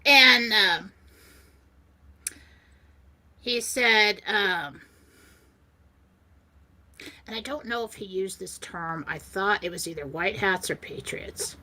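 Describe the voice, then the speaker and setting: A woman's voice: medium pitch, slow, long pauses, sharp tone. A woman co-hosting a talk show, animatedly telling a personal story in casual chat and laughing often as she goes. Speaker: co-host.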